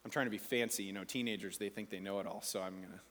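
A man's voice: lowish voice, fairly even intonation, very fast, a bit bright, in a large hall. A man preaching a sermon in a conversational, playful way, asking the congregation questions. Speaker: pastor.

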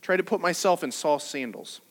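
A man preaching a sermon to his church, conversational and lively, with jokes and rhetorical questions. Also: on the high side, normal speed. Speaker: pastor. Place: church service.

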